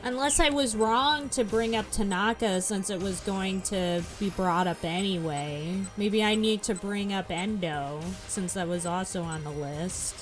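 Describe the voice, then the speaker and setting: A woman's voice: mid-range voice, a little slow, few pauses, faint music behind. A woman playing a video game who reads its narration aloud and chats casually about her choices. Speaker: game streamer. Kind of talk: casual playthrough, reading game text aloud.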